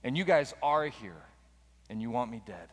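Male preacher, relaxed conversational delivery, recorded with a long echo in a large church hall. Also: mid-range voice, moderate pace. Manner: casual conversational storytelling. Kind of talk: sermon.

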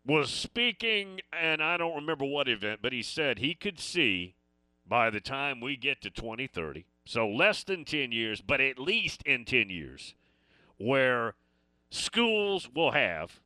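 A man's voice: medium pitch, sing-song, slow pace, pushed and bright, no echo. A man hosting a sports call-in radio show, talking casually and rambling between stories and listener messages.

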